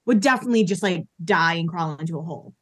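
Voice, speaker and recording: A woman's voice: lowish voice, expressive, fast, a bit bright, dry recording, studio quality. A woman in her thirties, a podcast guest chatting casually and explaining reality-show details matter-of-factly. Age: 30s.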